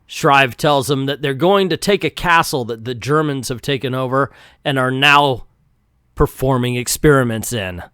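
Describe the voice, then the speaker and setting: A man's voice: medium pitch, moderate pace, sharp tone, smooth, dry recording, clean studio sound. A man reading through and reviewing an old comic book in a jokey, casual way.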